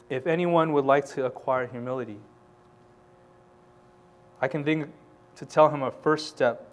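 Man preaching, hushed to fervent. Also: fairly high pitch. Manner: swings from quiet scripture reading to loud, rising exhortation. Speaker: pastor. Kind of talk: sermon.

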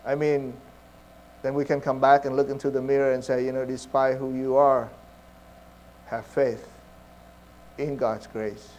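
A man's voice: mid-range voice, monotone, brisk, a little mellow, slight background noise. A man preaching a sermon in an earnest, conversational way, with many fillers and restarts. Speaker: pastor.

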